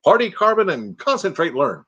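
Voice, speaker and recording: A man's voice: sits high, sing-song, normal speed, fairly bright tone, breathy edge, dull audio. A retired man hosting a casual livestream from his RV, chatting playfully as he reads out viewer comments and jokes around. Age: retired, middle-aged or older. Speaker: livestream host. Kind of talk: casual live chat reading viewer comments. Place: inside an RV.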